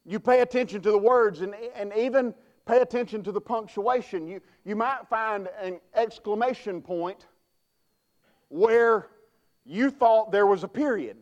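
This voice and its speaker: High-voiced pastor preaching. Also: male voice, measured pace, a little mellow, lo-fi sound. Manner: folksy, emphatic, with repeated restarts. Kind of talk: sermon.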